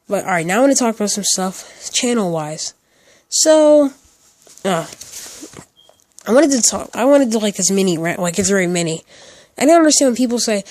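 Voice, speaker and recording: A man's voice: high-pitched, darkish tone, no echo. Rambling teenage boy telling a story. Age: teens. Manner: rambling, lots of "like" fillers and restarts. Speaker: storytime YouTuber. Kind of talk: casual storytime narration.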